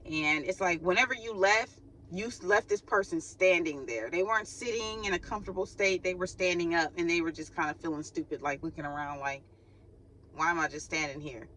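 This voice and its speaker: Bright-voiced lady doing a casual spiritual reading, chatty, forgot her mic. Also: on the low side, fairly quick, a little hiss or hum. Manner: chatty, laughs often, acts out quoted sighs. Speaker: faith channel host giving a spiritual reading. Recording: recorded without her microphone.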